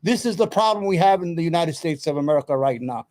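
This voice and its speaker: Male livestream host, fairly high voice, fired-up profane rant with casual banter to chat. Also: animated, fast, few pauses, a little mellow. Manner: heated, profane, repeats himself; chatty asides to viewers. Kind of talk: ranting political commentary.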